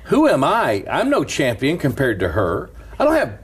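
Animated husky male pastor storyteller. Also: medium pitch, normal speed. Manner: animated, laughing storyteller, breaks into preaching cadence. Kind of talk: storytelling sermon-style chat.

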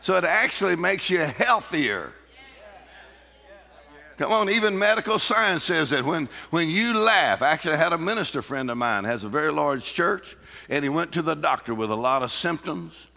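A man's voice: on the high side, animated, moderate pace, vocal fry, bright, forceful tone. A man preaching a sermon in a church, emphatic and laughing often as he calls out to the congregation. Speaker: pastor. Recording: reverberant hall.

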